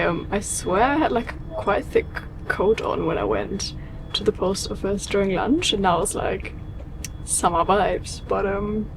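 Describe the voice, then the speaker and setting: A woman's voice: mid-range voice, gravelly, background noise. A young woman with a German accent, chatting casually in a home vlog and filling her talk with "like" and "um". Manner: chatty, with many fillers like "like" and "um". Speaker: vlogger. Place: home in London.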